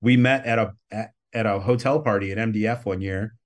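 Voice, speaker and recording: Lowish-voiced guy rambling on as a podcast guest, swears a ton, easygoing. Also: fairly quick. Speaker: guest, record label owner. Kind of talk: casual interview storytelling.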